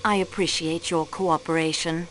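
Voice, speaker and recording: A woman's voice: low-pitched, normal speed, a little hiss or hum. An actress with a French accent playing a composed, polite female investigator in a game. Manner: calm, polite, formal questioning. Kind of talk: video game voice acting.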